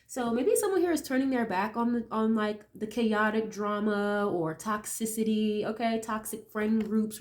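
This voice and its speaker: A woman's voice: a little high, darkish tone. A woman with a nasal voice from a cold, chatting casually as she reads tarot cards for viewers, thinking aloud with many tag questions. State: getting over a cold. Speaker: tarot reader.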